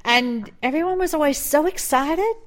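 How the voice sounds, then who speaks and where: A middle-aged woman co-hosting a podcast in casual chat, animated and laughing, often mimicking other voices. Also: high-pitched, moderate pace. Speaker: podcast co-host.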